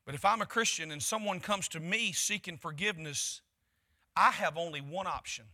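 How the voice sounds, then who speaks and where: Man, pastor, sermon, high voice, very bright tone, repeats lines for emphasis. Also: moderate pace. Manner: preaching with rising emphasis and repeated phrases.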